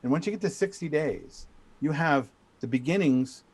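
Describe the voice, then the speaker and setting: A middle-aged man telling a story as a guest in a casual chat, animated and full of restarts. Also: fairly high pitch, moderate pace, husky. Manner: animated, trash-talking storyteller with many restarts. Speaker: guest speaker.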